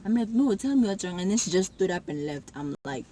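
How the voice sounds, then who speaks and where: A young woman telling a personal story to camera in a casual, animated way, acting out what people said. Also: medium pitch, fairly quick, slight background noise, rough recording. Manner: animated, acts out quotes with sudden loud jumps. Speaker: vlogger.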